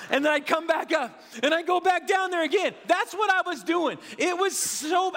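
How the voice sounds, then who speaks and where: A man with a strikingly high voice preaches to his congregation as their pastor. His tone is bright and forceful, and he tells a personal story with animated swings from loud exclamations to quiet, searching questions. The sound carries the long reverb of a large church hall.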